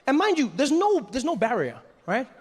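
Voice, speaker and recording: Animated man telling a stand-up story. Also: extremely high pitch, moderate pace, slightly rough. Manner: animated, acts out characters. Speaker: stand-up comedian. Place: comedy stage before a live audience.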